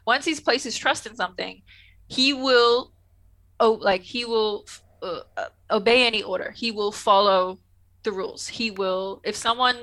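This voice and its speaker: A woman with a fairly high, bright voice talks casually as a podcast co-host. She rambles through her points, swears freely and laughs often. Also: unhurried, low-quality recording. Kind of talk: casual chat about a TV episode.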